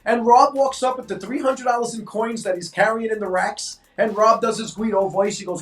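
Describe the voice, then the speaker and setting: A man in his sixties from New York, a co-host telling stories in an animated way and acting out voices in casual chat. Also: sits high, fairly quick, hardly any pauses, soft background music. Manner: animated, acts out quoted voices. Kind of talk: casual storytelling. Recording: echoey room, mic at a distance.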